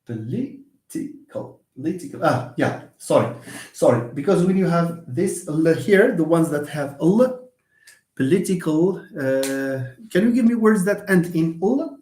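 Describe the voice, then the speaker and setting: A man's voice: on the high side, lively intonation, a little slow, darkish tone. Male English lecturer, explanatory and repetitive, roomy echo on the mic. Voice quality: switches between English and Moroccan Arabic. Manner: explanatory, repeats words, answers viewer questions. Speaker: English teacher. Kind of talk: live online lecture. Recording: echoey room.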